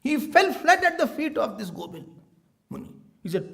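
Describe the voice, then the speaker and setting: A man tells a sacred story in a sermon, with a high and gravelly voice. His pitch swoops widely as he acts out the people in the tale. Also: very animated, moderate pace, a bit bright. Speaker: swami giving a spiritual discourse.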